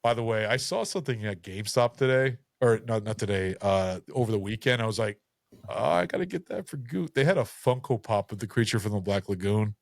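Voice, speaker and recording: A man's voice: lowish voice, fairly quick, few pauses, no echo. A tipsy man hosting a podcast, rambling casually with lots of fillers and swearing. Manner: loose, profane, rambling with fillers. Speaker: podcast host. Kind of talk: casual chat.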